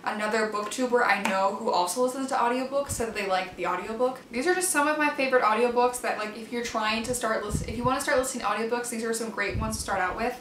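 A woman's voice: on the high side, fast talker, hardly any pauses, a bit bright. Chatty woman in an echoey room. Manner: chatty and enthusiastic, fillers like "like". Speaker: book reviewer. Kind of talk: casual book review vlog. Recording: echoey room, mic far off, faint background noise.

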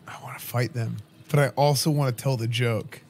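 A man's voice: mid-range voice, fairly even intonation, brisk, darkish tone, a little hiss or hum. Casual male streamer thinking aloud. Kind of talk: gameplay commentary.

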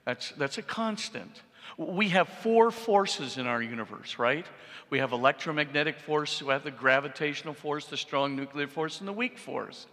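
A middle-aged man, a priest, giving an animated public lecture and often checking with the audience. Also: fairly high pitch, moderate pace. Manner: animated, repeats for emphasis, asks the audience "right?". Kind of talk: public lecture on science and faith. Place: large church. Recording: long reverb in a church hall.

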